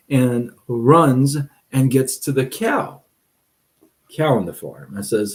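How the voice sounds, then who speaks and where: A man's voice: medium pitch, lively intonation, slow pace. A man hosting a casual motivational talk, telling a fable, with fillers and "right?" asides. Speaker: host of a motivational live stream.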